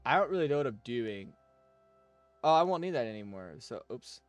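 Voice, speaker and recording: A man's voice: mid-range voice, sing-song, normal speed, no room sound, faint music behind. A young man, chatting casually on a game stream and venting profanely about work. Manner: profane, ranting, venting frustration. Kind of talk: casual gaming stream chat.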